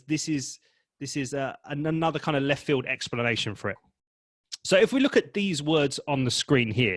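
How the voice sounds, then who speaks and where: Expressive man coaching, dry sound. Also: fairly high pitch, no room sound. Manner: expressive, demonstrates emotions vividly. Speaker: presentation coach. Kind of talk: webinar training talk.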